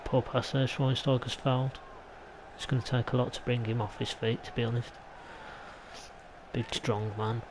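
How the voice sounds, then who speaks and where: This English man has a mid-range voice with little pitch movement and talks at a moderate pace against background noise. As a gaming YouTuber, he casually commentates his own football game play, chatting and rambling into mild side remarks.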